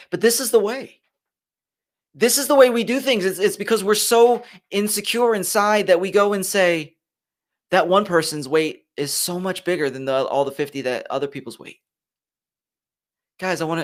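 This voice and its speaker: A man's voice: high voice, a bit bright. A man hosting a motivational live stream, talking animatedly to viewers at his computer and repeating his key phrases.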